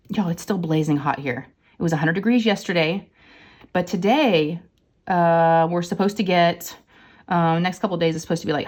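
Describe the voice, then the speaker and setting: A woman, chatting casually and rambling through stories to her viewers while she crafts. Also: sits low. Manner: chatty, rambling storyteller addressing viewers as y'all. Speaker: crafting vlogger. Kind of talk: casual chat while diamond painting.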